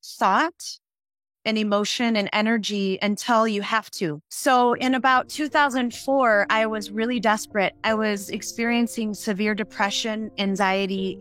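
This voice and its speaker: A middle-aged woman guest telling a personal story on a podcast in an earnest, increasingly animated way. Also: fairly high pitch, unhurried, faint music behind. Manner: earnest, growing excited and animated.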